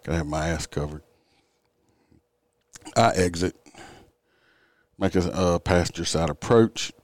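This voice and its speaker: A man's voice: low-pitched, a little slow. An older man, a police officer, telling a traffic stop story in a blunt, profane, rambling way, tired and yawning. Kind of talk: casual storytelling.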